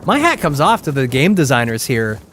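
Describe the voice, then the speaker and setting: Streaming a game live, this man rambles casually and says "like" constantly. His mid-range voice swings widely in pitch, moves a little fast, and sounds fairly bright, with slight background noise.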